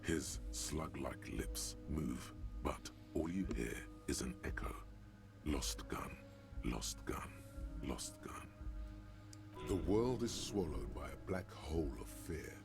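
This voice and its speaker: A sardonic inner voice of a troubled man, as a streamer puts it on. It rumbles extremely low, dramatic and mocking, narrating every thought. Clear game music runs underneath. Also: a little slow, few pauses, heavily acted. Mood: ominous.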